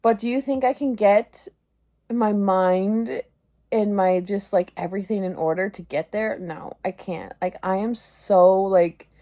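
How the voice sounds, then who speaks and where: Here the woman, in her thirties, has a medium-pitched, dark voice and takes her time. It's a loose, confessional vlog full of "like," with embarrassed laughter at her own expense.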